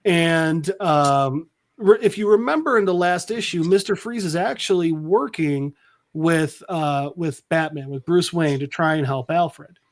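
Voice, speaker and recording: A man's voice: on the high side, measured pace. A man hosting a podcast, recapping a comic in a casual, rambling way with lots of fillers. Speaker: podcast host.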